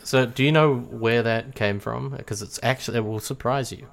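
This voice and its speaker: A man's voice: mid-range voice, fairly even intonation, moderate pace, creaky. A man with a New Zealand accent tells rambling stories in casual podcast chat, often breaking into laughter. His voice sits in the middle of the male range, and the swearing comes easily. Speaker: podcast guest.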